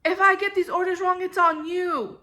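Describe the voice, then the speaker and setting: A woman imitating an impatient female manager yelling orders at her. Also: extremely high pitch, steady tone, normal speed, pitched above the performer's own voice. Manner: shouting, snappy.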